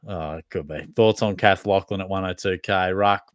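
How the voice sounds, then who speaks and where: Brief: young Australian male host, low voice, dry close sound, jokey and blunt. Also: fairly even intonation, moderate pace, dry recording. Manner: banters, reads viewer comments aloud, swears and laughs. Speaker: podcast host. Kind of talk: casual live Q&A chat.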